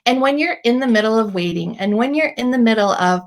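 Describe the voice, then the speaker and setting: A woman in her thirties hosting a Christian talk, telling personal stories in a chatty, animated way with many fillers. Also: fairly high pitch, brisk. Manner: chatty, animated storytelling with many likes and ums. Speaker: Christian podcast host. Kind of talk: faith-based encouragement talk.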